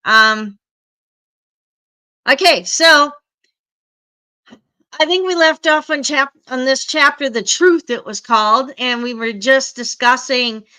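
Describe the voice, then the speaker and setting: Chatty woman, bright stuffy voice. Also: high-pitched, slow pace, long pauses, clean tone. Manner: greets viewers by name, chatty. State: stuffy from allergies. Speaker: livestream host. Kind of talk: casual livestream chat.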